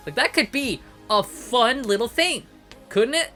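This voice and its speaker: A man's voice: high-pitched, wildly swooping pitch, normal speed, bright, forceful tone, soft background music. A man reviewing comics in an angry, profane rant, repeating his points for emphasis. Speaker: comic book commentator. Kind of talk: ranting review.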